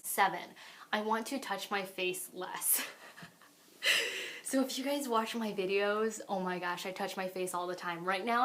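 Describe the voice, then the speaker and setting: Rambling candid young mom vlogger. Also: female voice, mid-range voice, fairly bright tone. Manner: rambling, candid, full of "like" and "I don't know". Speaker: vlogger and mother. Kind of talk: candid talk to camera.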